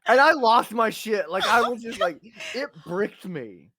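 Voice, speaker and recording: A man's voice: high-pitched, expressive, measured pace, pushed and bright, dry recording. Man in his thirties telling crude stories, dry sound. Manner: crude, storytelling with punchy asides. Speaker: podcast host. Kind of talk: casual chat.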